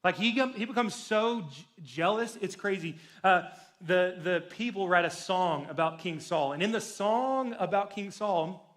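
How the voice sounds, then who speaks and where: A young man gives a youth sermon in a loose, animated storytelling way, with jokes to his teenage listeners. His voice sits high for a man. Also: a little slow. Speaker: youth pastor. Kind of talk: sermon to teens.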